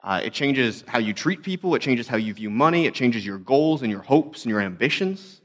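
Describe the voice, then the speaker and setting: A man's voice: mid-range voice, lively intonation, moderate pace, a bit bright. A young adult man, a pastor, telling stories in a conversational, self-deprecating sermon talk.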